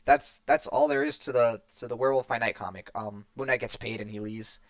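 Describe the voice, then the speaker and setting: A man's voice: medium pitch, brisk. A man casually recapping a comic on a podcast, rambling with many fillers and restarts. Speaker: podcast host. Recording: dull lo-fi dry recording.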